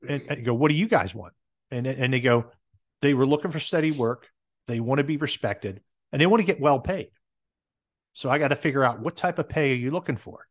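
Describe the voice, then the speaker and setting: A man from New Jersey with a New Jersey accent, a business owner telling lively stories as a podcast guest. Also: mid-range voice. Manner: lively anecdotal storyteller. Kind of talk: casual interview storytelling.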